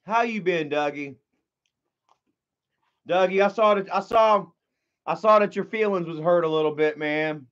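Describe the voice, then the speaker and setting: Dude rambling on his livestream, cussing a lot, kinda high voice, muffled lo-fi audio. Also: measured pace, long pauses, fairly bright tone. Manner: rambling and profane, heavy use of filler words. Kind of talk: casual livestream chat.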